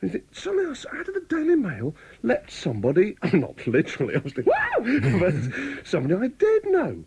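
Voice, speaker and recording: Male radio regular: playful, excitable storyteller, husky voice, dry studio sound. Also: high voice, brisk, no echo. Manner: teasing, animated storyteller. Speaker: weekly radio guest. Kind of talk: comic radio chat. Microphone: studio microphone.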